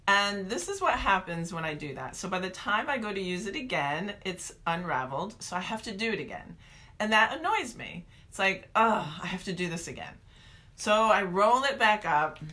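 A woman talking through a self-help method in a chatty, animated vlog. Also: on the low side.

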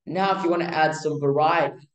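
A man teaching music theory in a casual, halting way, with many fillers and restarts. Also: fairly high pitch, steady tone, echoey room, muffled recording. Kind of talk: casual explanatory lesson.

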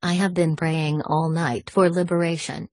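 A woman's voice: low voice, flat delivery, normal speed, a little mellow, dry recording, clean studio sound. A woman reading a devout wounded monk, earnest. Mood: earnest bewildered.

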